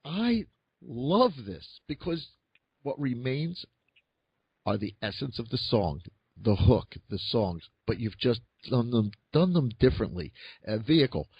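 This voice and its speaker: A radio talk show host from Philadelphia interviews a guest, his husky voice swinging widely in pitch. He sounds enthusiastic and often restarts his words. The sound is a little dull and completely dry. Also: very animated, measured pace, no echo. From Philadelphia, USA.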